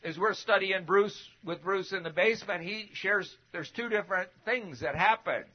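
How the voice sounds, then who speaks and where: A man preaching a sermon in a conversational way, asking rhetorical questions and swinging from loud emphatic bursts to quiet asides. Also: sits high, normal speed. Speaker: preacher teaching a Bible lesson. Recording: dull lo-fi recording.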